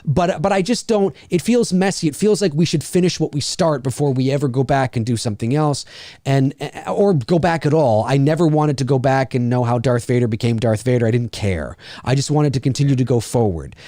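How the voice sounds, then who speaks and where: A man hosting a podcast, talking in a casual, animated, rambling way, repeating words and swearing often. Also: mid-range voice, a little fast, no echo, clean studio sound. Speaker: podcast host. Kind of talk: casual chat.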